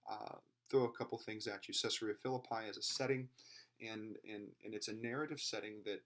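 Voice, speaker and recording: A man lecturing informally, explaining at length and often pausing with fillers and restarts. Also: lowish voice, a bit bright.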